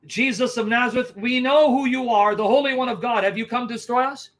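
A man's voice: very high voice, fairly even intonation, brisk, a bit bright. A man reading aloud the words of a demon confronting Jesus, with emphasis. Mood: defiant. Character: male demon addressing Jesus through a possessed man.

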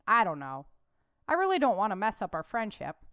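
A woman's voice: mid-range voice, wildly swooping pitch, brisk, fairly bright tone, dry recording, clean studio sound. A woman voicing a polite, earnest young man who is unsure about love and speaks frankly.

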